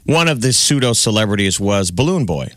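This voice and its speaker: A man joins a casual podcast conversation with a low, easy voice. He jokes and builds playful hypotheticals. His sound is dry and close to the mic. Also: very animated, a little fast, a bit bright, dry recording. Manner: joking, spins playful what-if scenarios. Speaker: podcast co-host. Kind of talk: casual chat.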